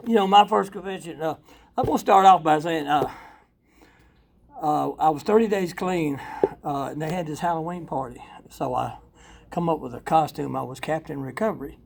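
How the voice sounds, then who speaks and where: Older man, gravelly and a bit high, profane and candid, recovery share. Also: moderate pace, slight background noise. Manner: blunt, profane and candid, rambling with fillers; laughs often, voice swings from loud to quiet. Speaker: speaker sharing at a recovery convention workshop. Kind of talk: personal recovery testimony to a live audience.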